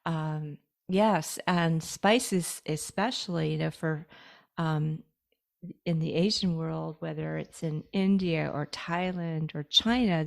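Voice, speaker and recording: A woman's voice: sits low, creaky. A woman co-hosting a wine podcast, chatting casually and often chiming in with agreement. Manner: lively, gives many short agreeing replies. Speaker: podcast co-host.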